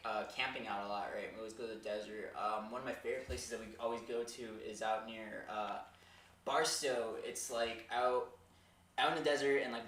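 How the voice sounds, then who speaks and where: A young man talks fast and sounds bright as he starts a story on a casual podcast. He hesitates and uses fillers. He sits away from the mic in a roomy space with faint noise behind him. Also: medium pitch, distant mic. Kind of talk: casual storytelling among friends.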